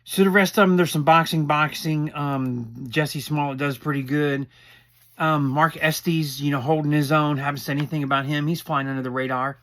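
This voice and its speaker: A man's voice: a little high, fairly even intonation, normal speed, fairly bright tone. A middle-aged man giving a rambling, opinionated recap of a reality show, often acting out what the people said. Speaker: recap commentator. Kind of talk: casual show recap commentary.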